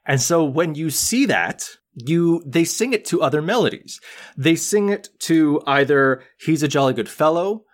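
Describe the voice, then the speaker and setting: A man's voice: on the high side, lively intonation, a little slow. A man co-hosting a podcast in casual chat, explaining film history at length. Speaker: podcast co-host.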